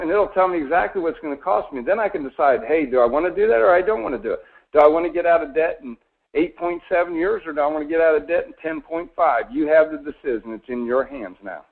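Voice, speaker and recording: A man in his forties giving a folksy, persuasive mortgage sales talk on a conference call, often asking his listeners questions. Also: a little high. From Florida. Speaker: mortgage presenter. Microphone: phone or conference call line. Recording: tinny phone-line audio.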